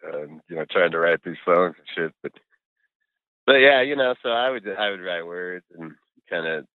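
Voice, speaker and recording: A middle-aged man with a deep, low voice chats in a laid-back, rambling way, full of fillers and cuss words. He comes through a thin, phone-like remote line with no room sound at all. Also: lively intonation, normal speed, clean tone, no room sound. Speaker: guest musician. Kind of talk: casual interview chat over a call.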